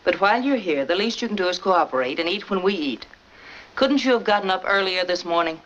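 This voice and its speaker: A woman's voice: on the low side, animated, brisk, fairly bright tone. An actress playing a sensible, wry wife and mother in a 1940s film. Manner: dry, wry, patient. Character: sensible wry housewife, adult. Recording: dull old film soundtrack with music.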